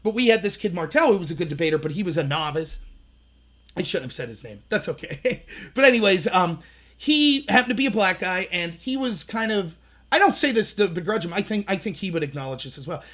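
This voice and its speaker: A man in his thirties hosting a livestream, telling animated stories in casual commentary and acting out the voices he quotes. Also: high voice. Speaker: livestream host.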